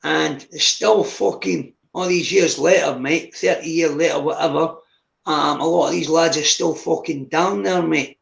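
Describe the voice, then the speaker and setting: A man's voice: on the high side, unhurried, vocal fry. A Scottish man in his fifties chatting casually on a live stream, swearing freely and calling the listener mate. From Scotland. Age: 50s. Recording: echoey room.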